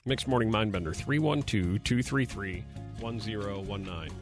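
A man's voice: on the low side, over music. A man hosting a morning radio show, bantering playfully with co-hosts and callers. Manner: playful, quick with jokes.

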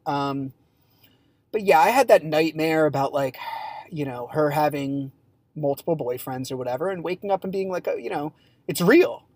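A man hosting a raw, confessional solo podcast. He speaks haltingly and with emotion, using many fillers and restarts, and is candid and sometimes blunt. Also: on the high side, expressive, darkish tone, no room sound. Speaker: podcast host.

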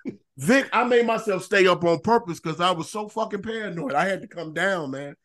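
Give me a man telling a rowdy story on a podcast, a bit high-pitched. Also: brisk, crowd noise. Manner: profane, animated storyteller who repeats phrases. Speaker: podcast co-host. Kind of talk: casual storytelling chat.

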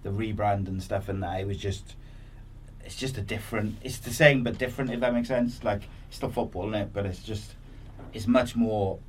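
Podcast host, deep voice, distant mic, light noise behind, chatty and rambling. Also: male voice, normal speed. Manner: chatty, rambling questions with many fillers. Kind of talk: casual interview chat. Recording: distant voice with faint room noise.

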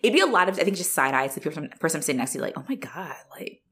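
Racing along in a low-sitting voice, this young female podcast co-host gives a casual movie recap. She swears freely, stays animated, and breaks into laughter often.

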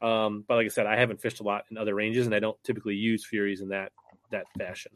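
Casting: male podcast host, relaxed and hedging, dry close sound. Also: on the low side, quick pace, no room sound. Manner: relaxed, hedging, many fillers. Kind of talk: casual podcast chat.

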